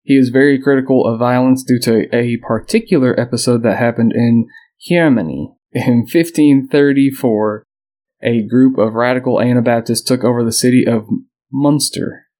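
A man's voice: mid-range voice, steady tone, normal speed, warm tone. A man talks casually on a history podcast. He reads from his notes and breaks off to joke with his co-hosts, in an easy, everyday voice. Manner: reads notes aloud, jokes and laughs with co-hosts. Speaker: podcast host.

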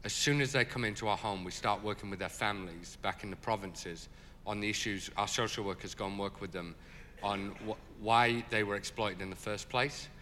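A man telling stories in an interview as a charity leader, animated and full of fillers. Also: fairly low pitch, moderate pace, in a large hall, a little hiss or hum. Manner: animated, lots of fillers, laughs as he tells it. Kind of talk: storytelling in an interview.

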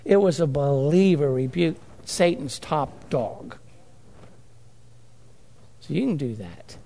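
A man's voice: on the high side, lively intonation, slow, vocal fry, mellow. A man preaching a sermon, emphatic, repeating and drawing out key phrases. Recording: long hall reverb.

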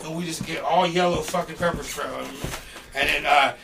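A middle-aged man casually telling a story on a podcast, animated and swearing, shouting out the quoted lines. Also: fairly high pitch, a little fast, gravelly, far from the mic, a crowd in the background, noisy background. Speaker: podcast guest.

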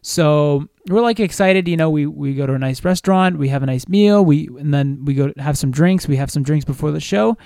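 A young man on a podcast telling a long, animated story in casual chat, swearing freely and restarting his sentences often. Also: on the high side, fairly quick, vocal fry, few pauses, clean tone, no room sound, clean studio sound. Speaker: podcast co-host.

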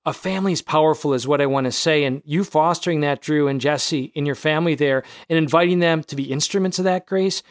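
A man's voice: on the high side, fast, hardly any pauses, dry recording, clean studio sound. A man hosting a podcast, talking earnestly and encouragingly in long winding sentences. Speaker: podcast host. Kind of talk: casual faith discussion.

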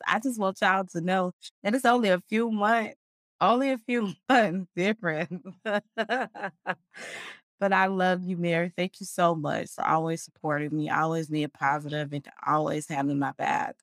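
Casting: woman podcast host, warm-hearted churchy chatter with frequent laughs, dry close sound. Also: fairly low pitch, no room sound. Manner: affectionate, churchy, laughs often. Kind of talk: casual livestream outro chat.

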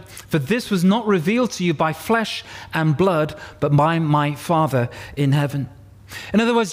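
A man preaching a sermon to a congregation, explaining scripture and having the crowd repeat words back to him. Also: high voice. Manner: expository, leads congregation call-and-response. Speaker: pastor. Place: church.

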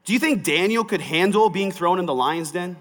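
A man delivers a sermon with a slightly high voice that carries a long reverb tail, as if heard in a large hall. He reads scripture, then talks it over with the listeners in a plain conversational way, pressing firmly when he makes his points. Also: fairly quick, a bit bright. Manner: conversational preaching, rising to emphatic. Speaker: pastor.

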